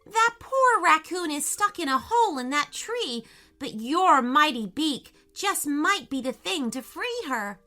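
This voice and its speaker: A woman's voice: high voice, big pitch swings, a little slow, bright, forceful tone, soft background music, voice pushed up, heavily acted. A woman voicing an eager, polite little male bird in a children's storybook. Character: cheerful tiny helpful male bird.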